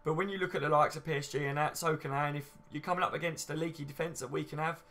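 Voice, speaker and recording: A man's voice: fairly high pitch, fairly even intonation, rapid-fire, a bit bright. A man in his late twenties hosting a casual fan livestream, chatty and matey, reading out viewer comments and swearing freely. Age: late 20s. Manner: chatty, matey, swears casually, says "you know what I mean" a lot. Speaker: fan channel livestream host.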